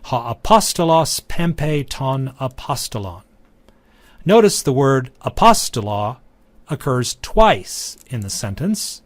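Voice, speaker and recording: A man giving a recorded lecture, teaching in a measured, deliberate way. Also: medium pitch, big pitch swings, no echo.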